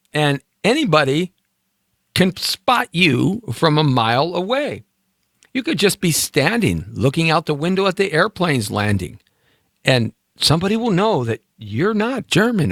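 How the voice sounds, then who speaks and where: Rambling male talk show host, lively pitch. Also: no echo, clean studio sound. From United States. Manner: musing, meandering, jokey with many fillers. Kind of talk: rambling live-stream monologue.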